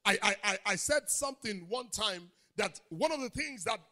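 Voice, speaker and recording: A pastor with a Nigerian English accent preaching a sermon in a church auditorium, calling out to the congregation and building up to shouted lines. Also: male voice, high-pitched, lively intonation, normal speed. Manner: preaching with crowd call-outs, swelling into shouts.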